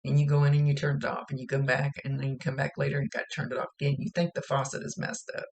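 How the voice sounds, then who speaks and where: A woman's voice: rumbling low, completely flat delivery, fast talker, darkish tone. A woman psychic medium giving a reading, chatting plainly as she relays spirit messages. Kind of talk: recorded psychic reading monologue.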